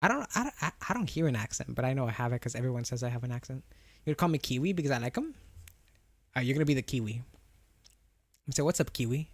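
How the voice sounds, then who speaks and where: A young man is live-streaming and chatting loosely with his viewers, his medium-pitched voice animated and fast, broken by long pauses, with no echo. He rambles, restarts often, laughs, and answers chat with a slight lisp on his R and W sounds.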